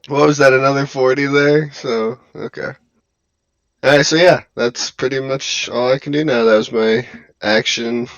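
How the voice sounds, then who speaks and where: A man playing a tabletop game, talking slowly and hesitantly through his turn. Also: medium pitch, fairly even intonation, a bit bright, muffled recording. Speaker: player. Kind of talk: casual tabletop game play.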